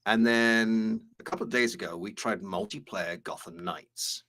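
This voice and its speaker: A man co-hosting a casual chat about game design, chatty with quiet asides, talking over a video call. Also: on the low side, normal speed. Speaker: co-host.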